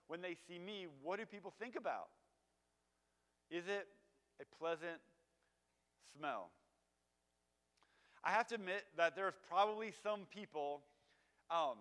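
A man's voice: a little high, a bit bright. A man giving a casual sermon, conversational and full of fillers, asking his audience questions. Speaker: preacher. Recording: long hall reverb.

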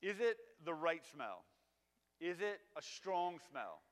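A man's voice: on the high side, very animated, slow. A man giving a casual sermon, conversational and full of fillers, asking his audience questions. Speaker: preacher. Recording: long hall reverb.

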